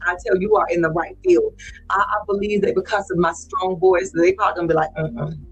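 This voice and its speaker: Husky, effusive woman talk show host. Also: steady tone, quick pace, rough recording. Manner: effusive, repeats herself, swoops in pitch. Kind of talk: casual interview chat. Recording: faint music underneath.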